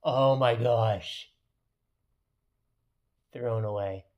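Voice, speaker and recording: A man giving casual, chatty commentary over his own gameplay as a video creator, reacting loudly when a throw goes wrong. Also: mid-range voice, extremely slow, lo-fi sound. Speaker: gaming YouTuber.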